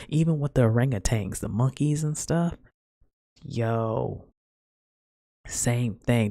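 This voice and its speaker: A woman's voice: rumbling low, takes it slowly, long pauses, mellow, dry recording, clean studio sound. A woman hosting her own podcast, chatting in a rambling, casual way full of "like" and "man". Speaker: podcast host. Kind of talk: casual solo podcast chat.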